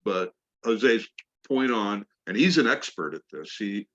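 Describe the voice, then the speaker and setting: A man's voice: lowish voice, expressive, measured pace, a bit bright, highs cut off. A man coaching salespeople on a call, rambling with lots of fillers. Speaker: sales trainer.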